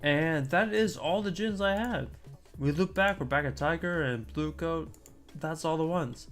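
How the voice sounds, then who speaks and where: A man's voice: on the high side, measured pace, fairly bright tone, soft background music. A man streaming a casual chat, talking in a rambling, chatty way with asides and mild swearing.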